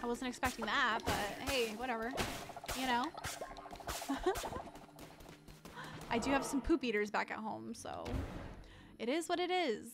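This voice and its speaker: Excitable high-voiced woman gamer. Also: unhurried, long pauses. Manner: chatty, excitable, talks to viewers. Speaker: gaming channel host. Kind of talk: casual gameplay commentary. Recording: game music behind voice. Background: game music.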